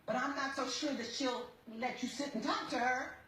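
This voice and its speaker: A woman's voice: high voice, normal speed, sharp tone, slight background noise. A woman presiding as a TV judge, lecturing in a stern, blunt and scolding way. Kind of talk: courtroom lecturing. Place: TV courtroom studio. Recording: roomy courtroom sound.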